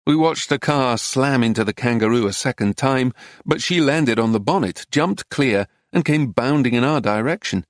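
A man reads a memoir aloud in a measured, even storytelling voice. His pitch sits in the middle for a man. The recording is dry and close, with no room around it. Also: no room sound. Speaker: narrator. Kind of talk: audiobook narration of a memoir.

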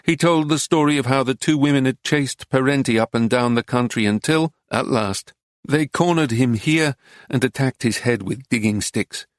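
A man reading a travel narrative aloud in a measured, unhurried audiobook style on a close mic. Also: mid-range voice, no room sound. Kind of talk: scripted narration.

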